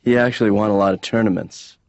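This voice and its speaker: An actor playing a sardonic young adult son who mumbles dry, sarcastic jokes. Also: male voice, on the low side, fairly even intonation, fast, dry recording, natural voice. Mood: flat. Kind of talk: deadpan cartoon dialogue. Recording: dull lo-fi audio, faint hiss.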